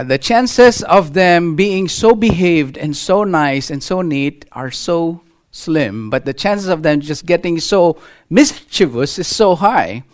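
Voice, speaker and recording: A middle-aged man preaching from the pulpit in a higher-than-usual voice. He swings up and down in pitch as he tells his story and keeps putting rhetorical questions to the congregation. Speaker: pastor. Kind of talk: sermon with a children's illustration.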